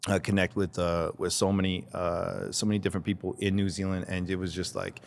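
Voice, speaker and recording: A man with a very deep voice talks in a loose, rambling way, often restarting his sentences. His voice carries a long reverb tail, as if recorded in a large room. The talk is casual and easygoing. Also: flat delivery, a little fast, gravelly. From Canada. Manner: rambling, restarts sentences, mimics accents when quoting people. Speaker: podcast guest, artist. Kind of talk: casual chat.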